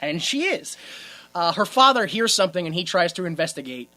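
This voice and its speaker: A woman's voice: on the low side, very animated, fairly quick, bright, forceful tone. A woman co-hosting a casual movie-riffing podcast, talking with exaggerated indignation, swearing and laughing often. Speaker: podcast co-host.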